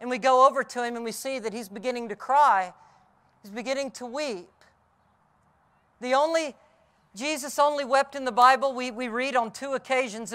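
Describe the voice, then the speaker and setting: Out on a hilltop, a middle-aged pastor delivers an Easter sermon, recounting the story vividly as he swings from loud cries down to hushed tones. He has a very high, smooth voice.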